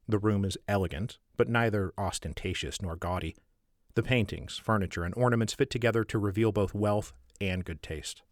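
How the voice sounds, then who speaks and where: Give me a low, dry-sounding man narrating the stage directions of his screenplay in a wry, measured table-read style. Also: no echo. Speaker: author reading his own script.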